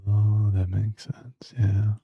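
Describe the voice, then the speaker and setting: A man's voice: lowish voice, completely flat delivery, slow pace, breathy edge, no echo, lo-fi sound. A man streaming live, bantering jokingly with chat and muttering to himself while he plays.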